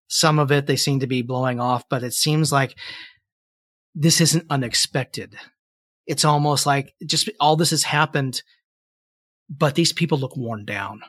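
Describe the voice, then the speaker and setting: A man's voice: mid-range voice, fairly bright tone, no echo. Male game master, hesitant narrator, dry close mic. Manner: halting, many fillers.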